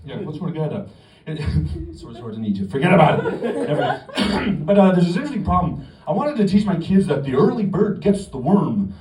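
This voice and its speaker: A man's voice: a little high, big pitch swings, brisk, crowd noise. A middle-aged Canadian man doing a stand-up comedy set, telling a story with lots of swearing and mock bravado. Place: comedy club stage. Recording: roomy live club audio from the stage mic at a distance. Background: audience laughter.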